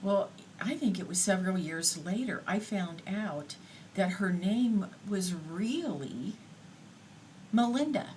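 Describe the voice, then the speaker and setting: A woman giving a recorded lecture in an unhurried, explanatory way, pausing on fillers now and then. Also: mid-range voice, lively intonation, a little mellow, a little hiss or hum, low-quality recording.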